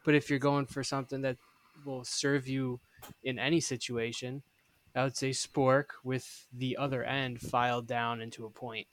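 A man co-hosting a casual podcast, reading listener mail aloud. He speaks in a loose, joking way and swears casually. His voice sits at a middle pitch. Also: level tone, normal speed.

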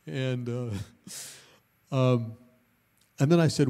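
A male pastor telling a story in a sermon, animated and lively, with bursts of loudness and laughter. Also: mid-range voice, takes it slowly, pauses often.

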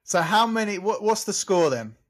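High-voiced playful male co-host. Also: sing-song. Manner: playful, jokey, drawn-out punchlines. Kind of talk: casual show banter.

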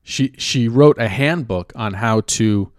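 A man hosting a podcast, talking through his thoughts in a reflective, measured way and often rephrasing himself. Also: medium pitch, no echo, clean studio sound. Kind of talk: casual spoken commentary.

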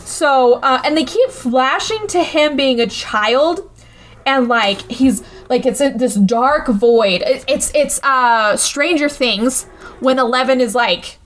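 A woman's voice: sits high, takes it slowly. Chatty woman recapping a movie. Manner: chatty, animated, lots of fillers and asides. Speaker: podcast host.

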